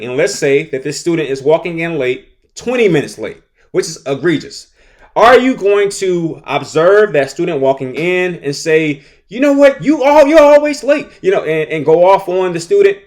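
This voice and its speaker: A man hosting a solo podcast for teachers, talking casually and repeating himself as he gives advice. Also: fairly high pitch. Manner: conversational, repeats himself, acts out angry teachers and rude students.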